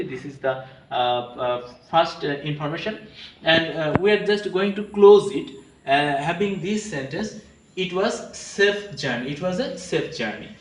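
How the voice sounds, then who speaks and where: A man's voice: on the high side, a little hiss or hum. Hesitant male teacher in an echoey room. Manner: hesitant, many pauses and repeated phrases; addresses listeners fondly as students. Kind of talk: classroom grammar lecture. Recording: echoey room, mic at a distance.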